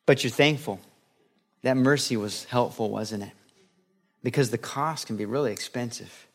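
A middle-aged man preaching a sermon as pastor, lively and playful, acting out little scenes as he teaches. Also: medium pitch, normal speed.

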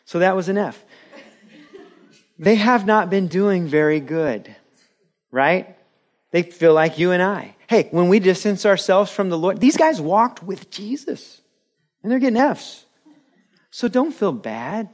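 A man preaching a sermon in a church, animated and laughing with the audience, acting out quotes. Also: sits high, measured pace. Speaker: pastor.

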